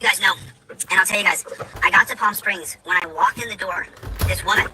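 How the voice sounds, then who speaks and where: A man's voice: high-pitched, pushed and bright, a little hiss or hum, poor audio. A man ranting emphatically in a video commentary, repeating himself to drive his points home. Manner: fast, repetitive, emphatic ranting.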